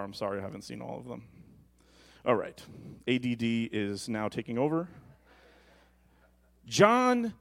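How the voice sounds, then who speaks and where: A man preaching a sermon as pastor, rising to loud emphatic lines and slipping into joking asides. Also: a little high.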